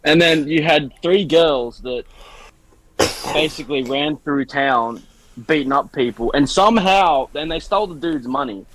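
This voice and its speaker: A man's voice: on the high side, unhurried, background noise. A man co-hosting a podcast, telling a story in a rambling, self-mocking way. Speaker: podcast co-host. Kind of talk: casual chat.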